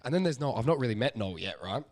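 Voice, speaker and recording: A young Australian man, co-host of a podcast, telling a story in casual chat and getting loud and high-pitched when he laughs at the punchlines. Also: expressive, quick pace.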